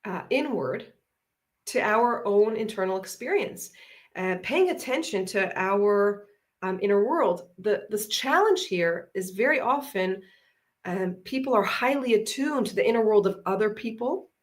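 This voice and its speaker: A woman's voice: mid-range voice, lively intonation, measured pace. A woman psychologist and parenting coach talking earnestly on a video call, often repeating short affirming phrases. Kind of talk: conversational discussion.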